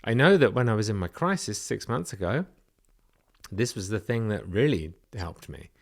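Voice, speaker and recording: A British man with a lowish voice that swings widely in pitch, rising high when he questions himself. He speaks candidly to his viewers in a personal vlog, confessional and nervous, with bursts of uneasy laughter. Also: very animated, normal speed, gravelly. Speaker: vlogger.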